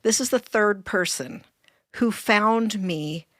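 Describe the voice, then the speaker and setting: A middle-aged woman telling her story in a casual chat, earnest and warm, laughing often. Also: medium pitch, takes it slowly, no echo, clean studio sound. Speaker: storyteller guest.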